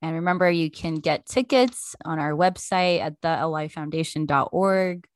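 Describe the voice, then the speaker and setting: A woman's voice: sits low, moderate pace, dry recording, studio quality. A woman hosting a podcast chat, effusive and grateful in her words. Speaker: podcast host. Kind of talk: casual chat.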